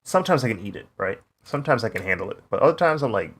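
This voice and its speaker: A young man from the US chatting casually while drawing on a live stream, laid-back and quick to laugh. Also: mid-range voice, very animated. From United States. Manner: laid-back, laughs often, says "bro". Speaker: streaming artist.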